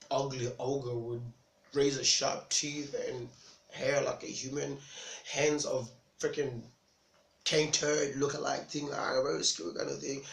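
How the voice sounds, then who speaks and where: Animated African storyteller with a gravelly voice. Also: male voice, mid-range voice, a little hiss or hum. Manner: animated, chatty, laughs at his own jokes. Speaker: stand-up comedian. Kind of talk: stand-up storytelling. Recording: roomy echo with faint ambience.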